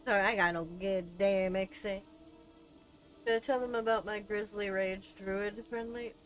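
Woman gamer host, mid-pitch, cussing banter, faint music bed. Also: fairly even intonation, unhurried. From United States. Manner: profane joking banter. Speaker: streamer. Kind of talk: casual let's-play chat.

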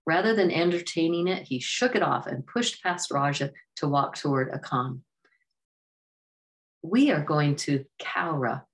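A woman with a notably low voice reads a storybook aloud at a steady pace. Her delivery stays even and plain, with an occasional self-correction.

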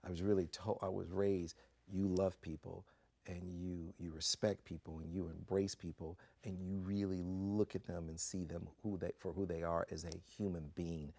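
A man as an interview guest, telling animated anecdotes and acting out what others said. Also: sits low, moderate pace, no echo. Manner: animated anecdotes with acted-out quotes. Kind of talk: storytelling in a sit-down interview.

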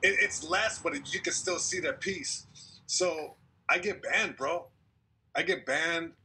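Young guy comedian spinning a story over a video call, really bright voice, kinda husky, acts out every quote. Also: fairly high pitch, measured pace. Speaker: comedian guest. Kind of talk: casual storytelling on a podcast call.

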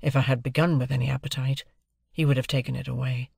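A male narrator reads a classic novel aloud, phrase by phrase, in a measured, even way. His voice has a noticeable gravelly texture, and the recording is dry and close. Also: medium pitch, dry recording. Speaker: audiobook narrator. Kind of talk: audiobook reading of a classic novel.

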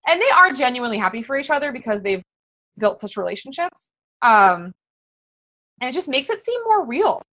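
A woman's voice: sits high, big pitch swings, normal speed, pushed and bright, no room sound, poor audio. A woman coaching fellow fitness coaches in a casual, very conversational way, full of fillers. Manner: very conversational, chatty with many fillers.

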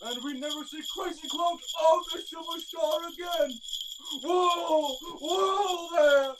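Brief: young actress as old Santa yelling to his reindeer, high voice, distant noisy stage recording. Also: slow pace. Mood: urgent. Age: young adult. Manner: loud, calling out excitedly. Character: jolly elderly Santa driving his sleigh. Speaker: student actor. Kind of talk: stage play acting.

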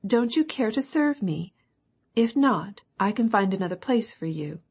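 A woman's voice: mid-range voice, animated, unhurried, darkish tone, breathy edge, voice pushed up. A woman reading an audiobook voicing a stern older countess who speaks severely and sighs. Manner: severe, sighing.

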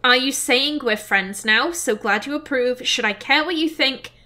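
A woman hosting a let's play, chatting casually and thinking out loud as she plays. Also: sits high, normal speed. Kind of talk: casual gameplay commentary.

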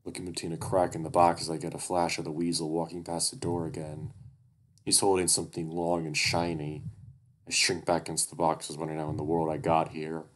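A man narrating a first-person story aloud in a quiet, steady way. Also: a bass voice, a little fast.

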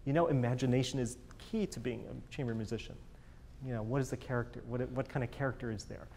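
A man's voice: medium pitch, fast, vocal fry, a little mellow, a little hiss or hum. A man coaching a chamber group in a master class, encouraging and jokey, singing musical phrases to show the players how they should sound.

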